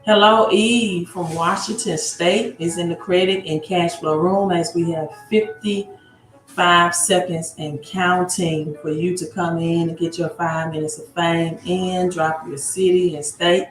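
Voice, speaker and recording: A woman's voice: on the low side, steady tone, measured pace, faint music behind. A woman hosting a live stream about credit. She greets viewers by their cities in a casual chat and often adds tag questions. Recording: roomy home room with faint background noise.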